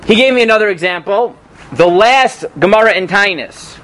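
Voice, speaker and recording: A man teaching a Talmud class in a relaxed lecture style, often checking in with "right?" and "okay?", reading passages aloud and translating them. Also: high voice, moderate pace. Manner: animated, peppers talk with "right?" and "okay?"; reads and translates Hebrew and Aramaic text aloud. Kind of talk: informal lecture.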